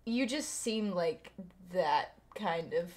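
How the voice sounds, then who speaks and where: A woman's voice: on the low side, slow pace. A woman in her twenties hosting a casual livestream, giggly and a little tipsy, chatting to her viewers. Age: 20s. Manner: giggly, animated, talks to chat. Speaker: streamer host.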